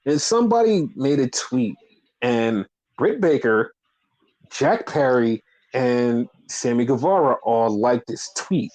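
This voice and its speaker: A man's voice: mid-range voice, lively intonation, takes it slowly, a little mellow, dry recording, poor audio. A man co-hosting a casual wrestling podcast, ranting in a profane, exasperated way. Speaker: podcast co-host.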